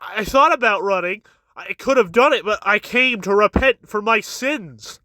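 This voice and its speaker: A man's voice: high voice, normal speed, bright, forceful tone, dry recording. A man reading a young male villain who fakes remorse with a theatrical, tearful confession.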